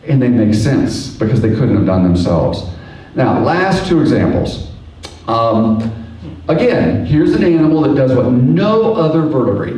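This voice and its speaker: A man giving a lively creation science lecture, telling stories and acting out little voices as he goes. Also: medium pitch. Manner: animated storyteller who acts out little voices and hums tunes. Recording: echoey hall, voice from far off.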